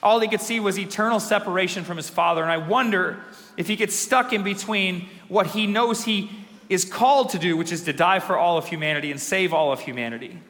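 A young man preaching a sermon as pastor, energetic and emphatic, with dramatic slow pauses. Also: sits high. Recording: long hall reverb.

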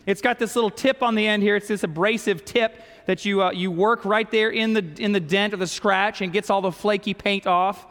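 A high, smooth, resonant man's voice with a drawl, a middle-aged pastor preaching. He tells a homespun story and often drops to a near-whisper. The sound carries a long reverb, as if in a big hall. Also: fairly quick, hardly any pauses. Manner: folksy, animated storytelling with sudden soft drops. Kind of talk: storytelling sermon.

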